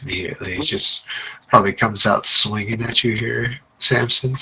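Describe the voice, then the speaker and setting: A man's voice: fairly low pitch, fairly even intonation, moderate pace, creaky, sharp tone, slightly rough, low-quality recording. A man narrating a tabletop game as game master, casual and chuckling often.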